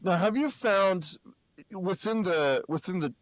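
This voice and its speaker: A man's voice: sits high, unhurried, no room sound. A man hosting a podcast interview, asking questions casually with slang and easy laughter. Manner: relaxed, slangy, laughs easily. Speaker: podcast host.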